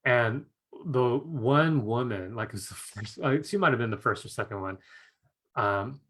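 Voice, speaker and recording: Male host, mid-pitched, casual talker on a live class stream, keeps checking in with his viewers. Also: measured pace, fairly bright tone. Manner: chatty, keeps asking "right?" and "you guys", laughs often. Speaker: psychic development teacher hosting a live online class. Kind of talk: casual live-stream teaching with a told anecdote.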